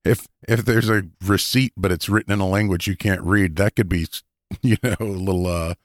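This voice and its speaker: A man with a deep voice co-hosts a casual gaming podcast, trading quick agreement and dry jokes. His voice is recorded dry and close. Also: fairly even intonation, no room sound. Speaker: podcast co-host. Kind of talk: casual tabletop gaming chat.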